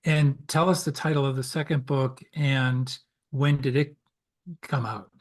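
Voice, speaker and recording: A man's voice: mid-range voice, little pitch movement, unhurried. Friendly male interview host. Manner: friendly, encouraging prompts. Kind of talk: interview questions.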